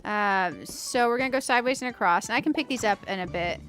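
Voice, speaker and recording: Chatty higher-voiced woman playing a game. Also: fast, fairly bright tone, soft background music. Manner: chatty, thinking aloud, addresses viewers directly; playful and self-mocking. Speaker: gaming channel host. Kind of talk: casual let's-play commentary.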